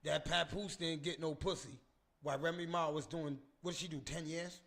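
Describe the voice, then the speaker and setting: A man hosts a casual solo podcast, rambling and trash-talking with constant stammered restarts. His voice is slightly high and gravelly, with a bright, forceful edge. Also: steady tone, moderate pace. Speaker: podcast host. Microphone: streaming mic.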